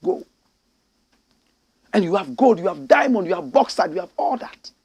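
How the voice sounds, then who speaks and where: Ghanaian male host, middle-aged, fiery preacher-style commentator, pitched a bit high. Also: sing-song, moderate pace, husky, no room sound. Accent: Ghanaian English. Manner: fiery, preaching, voice rising to shouts. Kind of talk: passionate political commentary.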